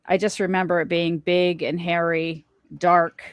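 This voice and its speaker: A middle-aged woman tells her story as a guest on a podcast, slipping into the voices of the people she quotes. Her voice sits a little low, and the sound is close and dry with no room around it. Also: unhurried, clear, resonant tone, dry recording, muffled recording. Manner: animated storyteller, acts out quoted lines. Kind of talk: casual storytelling interview.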